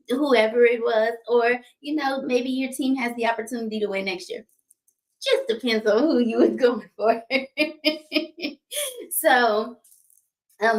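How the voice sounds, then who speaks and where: A woman's voice: mid-range voice, gravelly. A woman hosting a livestream talk show, upbeat and chatty, often laughing and repeating herself. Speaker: host.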